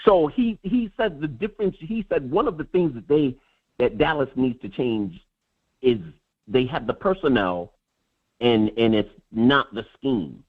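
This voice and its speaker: Guy breaking down football over a tinny phone-ish line, animated, keeps repeating himself as he goes. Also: mid-range voice, unhurried. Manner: animated, repeats words when building a point. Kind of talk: casual sports chat.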